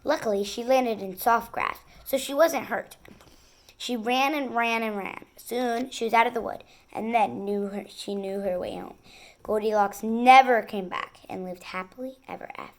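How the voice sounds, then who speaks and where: A woman reading a picture book aloud in an expressive, sing-song storytelling manner. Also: a little high, moderate pace. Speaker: storybook reader.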